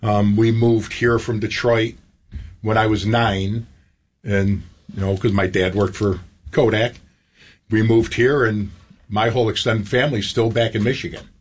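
A man's voice: lowish voice, little pitch movement, unhurried. A middle-aged man, a veteran guest in an interview, talking casually with many fillers. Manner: casual, chatty, with filler words. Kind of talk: interview conversation.

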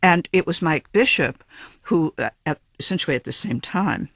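A man with a fairly high voice speaks as a geneticist in an interview. He explains his science in a measured, precise and academic way, sometimes restarting a phrase. The sound is dry and close, with no room echo. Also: animated, vocal fry, fairly bright tone, husky.

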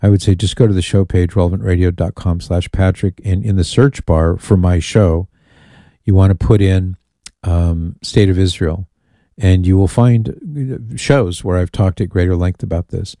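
A man hosts a call-in radio show, his voice low and mellow. He chats casually and reads out listener emails with evident amusement. The studio sound is dry and close. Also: fairly even intonation, normal speed, dry recording. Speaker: radio talk show host.

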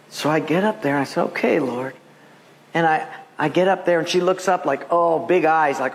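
Man, pastor, high voice, sermon, animated storytelling, acts out voices. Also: vocal fry, a little hiss or hum.

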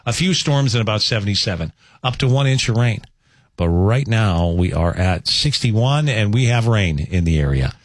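Morning radio host man, jokey and teasing, very animated pitch, dry studio sound. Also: moderate pace, no echo. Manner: joking, teasing, lively. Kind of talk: casual morning radio banter.

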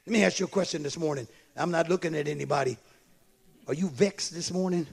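A man's voice: fairly high pitch, fast, gravelly, breathy edge. A man preaching a radio sermon, emphatic and repetitive, calling out to his congregation. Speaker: pastor.

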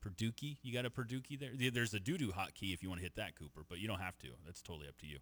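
A man's voice: on the low side, rapid-fire. A man hosting a sports talk radio show, joking with co-hosts and reading promos and phone numbers. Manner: joking, animated, reads promos. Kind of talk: casual sports radio chat.

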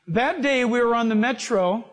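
Animated high-voiced male preacher. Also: moderate pace. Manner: animated, acts out voices in his stories. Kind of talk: sermon with personal stories.

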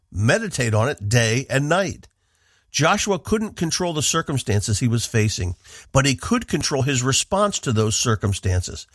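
A man from the northeastern United States who hosts a radio Bible program, giving a measured, earnest devotional teaching and leaning on key words. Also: medium pitch, a bit bright, no echo, studio quality.

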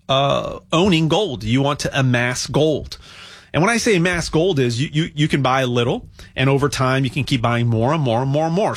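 A man giving a casual, rambling sales monologue on gold, repeating words and ranting with rising energy. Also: fairly high pitch. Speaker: gold promoter.

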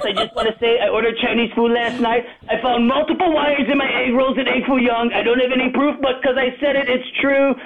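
A male caller with a Chicago accent, rambling fast and jokey from topic to topic. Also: very high-pitched, flat delivery, crowd noise. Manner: rapid-fire, rambling, jokey. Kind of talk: call-in chat. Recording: tinny phone line.

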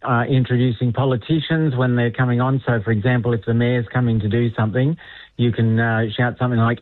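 A man's voice: medium pitch, flat delivery, brisk, no room sound. A New man calling in to a radio show as a town crier, chatting and coaching with a laugh. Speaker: town crier guest on phone. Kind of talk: casual radio chat. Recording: lo-fi phone-line sound.

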